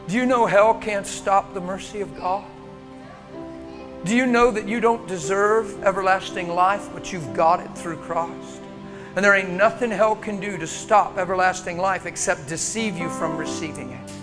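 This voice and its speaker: High-voiced passionate male preacher. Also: a little slow, over music. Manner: passionate, swinging from loud exhortation to hushed intensity. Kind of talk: sermon. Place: church meeting room before a congregation.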